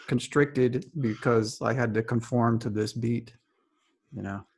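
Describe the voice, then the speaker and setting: Gravelly man, hesitant on a video call. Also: medium pitch, fairly even intonation, a little slow, darkish tone. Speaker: choir member. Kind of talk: answering in an online rehearsal.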